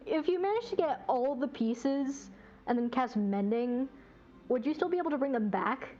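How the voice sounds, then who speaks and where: A woman's voice: sits high, lively intonation, normal speed, mellow, lo-fi sound, soft background music. A woman playing a tabletop game, asking questions in casual chat. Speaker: player.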